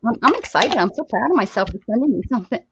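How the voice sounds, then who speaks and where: A woman's voice: a little high, big pitch swings, very fast. A woman hosting a craft livestream, chatting casually and jokingly as she opens her mail, laughing often. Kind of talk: casual chat while opening mail. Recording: dull lo-fi stream audio with faint hiss.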